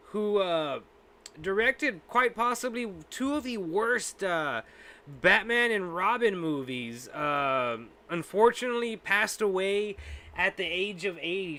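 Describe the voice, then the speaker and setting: High, bright-voiced man ranting. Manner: profane, exasperated ranting. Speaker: podcast host. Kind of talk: casual ranting chat.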